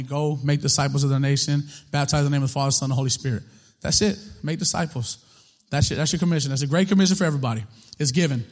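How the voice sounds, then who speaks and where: A man's voice: a little high, a little mellow. A man preaching a sermon in a casual, conversational way, full of rhetorical questions and repetition. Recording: long reverb of a hall.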